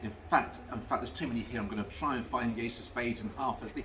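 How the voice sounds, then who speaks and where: A man's voice: mid-range voice, steady tone, quick pace, hardly any pauses, bright, forceful tone, distant mic, slight background noise. A man, a magician talking through card tricks in a chatty storytelling way with dry, self-mocking asides. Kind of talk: patter while performing card tricks. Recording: voice from off the mic, music playing behind.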